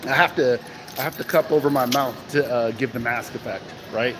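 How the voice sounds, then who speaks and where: The crypto livestream host here has a mid-range voice and speaks a little fast into a handheld phone against a noisy background of jangling keys. He's animated and casual, greeting chat viewers by name and firing off rhetorical questions.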